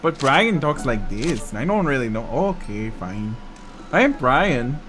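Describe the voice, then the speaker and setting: Young male gamer, mid-pitch, casual and profane, narrating a visual novel over music. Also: very animated, normal speed, a bit bright. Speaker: gaming YouTuber. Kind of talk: reading a visual novel aloud with commentary.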